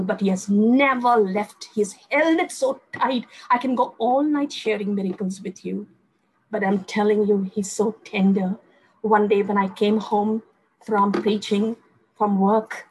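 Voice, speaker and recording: A woman's voice: mid-range voice, darkish tone, husky, rough recording. An older woman, preaching a fervent testimony sermon and telling stories to her listeners. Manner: fervent, storytelling, addresses listeners as friends.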